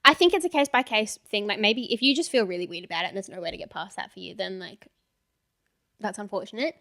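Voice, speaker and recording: Bright, giggly young Australian woman. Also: mid-range voice, fast talker. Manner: giggly, easily amused. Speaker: podcast co-host. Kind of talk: casual chat, giving advice.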